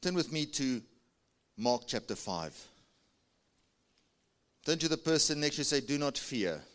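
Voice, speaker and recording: A man's voice: animated, normal speed, a bit bright. A male pastor with a South African accent preaching a sermon to his church, urging the congregation to answer and raise their hands. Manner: preaching with big pitch swings, coaxing the congregation.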